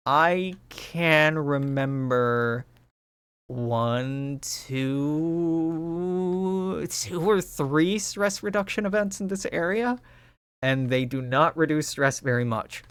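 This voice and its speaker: A man's voice: a little high, expressive, slow pace, a bit bright, clear, resonant tone, dry recording. A man doing casual, rambling commentary as he plays a video game, often correcting himself and swearing. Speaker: let's play host. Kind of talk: casual game commentary and read-aloud narration.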